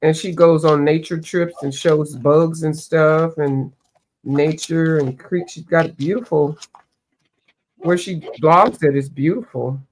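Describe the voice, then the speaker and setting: A woman's voice: deep voice, unhurried, darkish tone. A woman hosting a livestream, chatting casually while she colors, rambling and searching for names, a bit stuffy from allergies. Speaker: livestream host.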